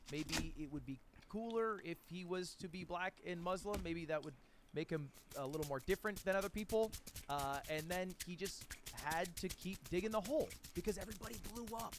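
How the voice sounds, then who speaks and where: A man narrating a commentary video in a conversational way, with fillers and restarts. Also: sits high.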